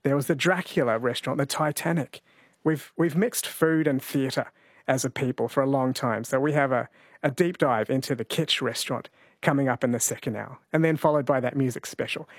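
A man hosting an overnight radio show, chatting in a relaxed way and reading out listener texts. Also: mid-range voice, no echo, clean studio sound. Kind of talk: late-night radio talk. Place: radio studio. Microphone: studio microphone.

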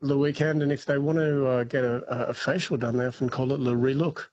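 A man's voice: mid-range voice, fairly even intonation, fairly quick, a little mellow, no room sound, dull audio. A man calling in to a radio quiz, confident and talkative, telling anecdotes. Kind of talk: casual phone-in chat.

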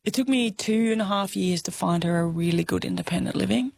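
A woman's voice: mid-range voice, brisk, creaky, darkish tone, no echo, clean studio sound. A woman in her thirties with an Australian accent, an interview guest talking frankly and emotionally, laughing often and swearing casually. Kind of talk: candid conversational interview.

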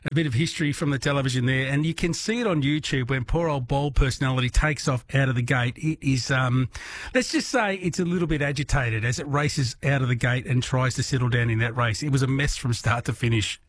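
A man's voice: medium pitch, brisk, slight background noise. A man hosting a late-night radio quiz, chatting easily with callers. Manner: relaxed, chatty, friendly banter with callers. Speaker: radio host.

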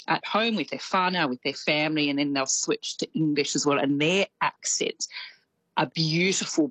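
A woman's voice: deep voice, no room sound, poor audio. A woman from Australia with a slight New Zealand lilt, chatting as a radio correspondent. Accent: Australian with some New Zealand. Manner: chatty, animated, laughs easily.

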